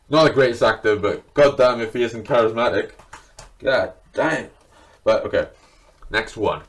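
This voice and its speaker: A lowish, slightly bright male voice belongs to a video creator walking viewers through his film collection. He talks to camera casually and keenly, without a script, swearing freely.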